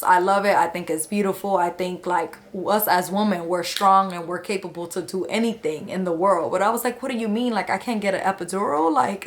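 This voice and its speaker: Woman, vlogger, casual storytelling, slangy, chatty, close to the camera. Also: medium pitch. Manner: chatty and slangy, acts out the people she quotes. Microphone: camera close to her.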